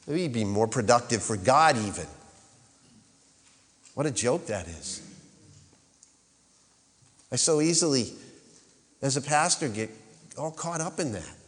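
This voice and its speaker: In a large hall, a male pastor delivers a sermon that builds to emphatic peaks and calls for responses from the congregation. He speaks unhurriedly at medium pitch in a sing-song way, with long pauses.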